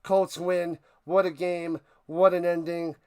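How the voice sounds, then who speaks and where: A man hosting a live-stream watch party, excitedly calling a football finish, hoarse and out of breath as he loses his voice. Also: high voice, slow. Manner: hyped, shouting, repeats phrases.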